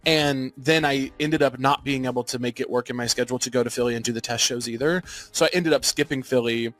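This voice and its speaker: A man who is a stand-up comedian, telling stories as a guest in a casual podcast chat, rambling quickly with many restarts. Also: medium pitch, steady tone, fairly bright tone.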